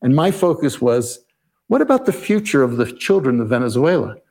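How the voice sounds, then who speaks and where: A man telling a story as an interview guest, explaining in a measured way and voicing his own inner questions aloud. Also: medium pitch, big pitch swings, a little mellow. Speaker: podcast guest, negotiation expert.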